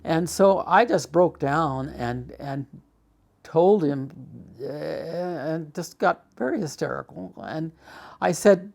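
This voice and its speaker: Gravelly older man telling his story. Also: fairly high pitch. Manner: recounts events with rising agitation and halting restarts. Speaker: documentary interviewee. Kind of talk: personal storytelling.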